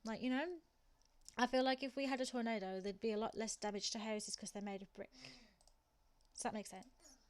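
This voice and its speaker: A woman's voice: fairly high pitch, fairly even intonation, brisk, pauses often. Chatty woman with a Black Country accent. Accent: Black Country (West Midlands English). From England. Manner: chatty, laughs often, talks to chat viewers. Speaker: streamer. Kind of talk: casual chat while gaming.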